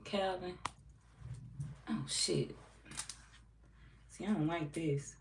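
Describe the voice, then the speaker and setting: A woman with a St. Louis accent chats with her livestream viewers, blunt, profane and quick to laugh. Her voice sits somewhat low for a woman. She sounds far from the mic in an echoey room, with a faint hiss of noise behind her. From St. Louis, US Midwest. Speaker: tarot reader greeting live chat. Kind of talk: casual livestream chat.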